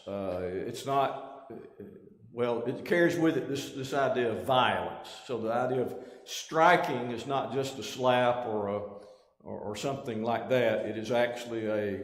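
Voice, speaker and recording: A man teaching a bible class, reading scripture aloud and stopping often to restart his thought. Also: mid-range voice. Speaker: preacher. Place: church auditorium. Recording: echoey church hall, roomy reverb.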